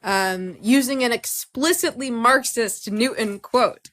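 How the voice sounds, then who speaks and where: A woman co-hosting a podcast, commenting in an animated, sarcastic way during a political discussion. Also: on the high side, slow. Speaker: podcast co-host.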